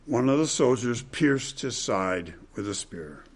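A man preaching an expository sermon, repeating key phrases and swinging between loud, emphatic peaks and hushed, low passages. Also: expressive, measured pace, husky.

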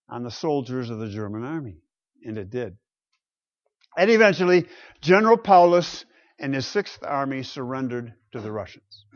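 A man preaching a sermon slowly and deliberately, reading scripture and telling history with dramatic pauses. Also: medium pitch, very animated, no room sound, highs cut off. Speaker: pastor.

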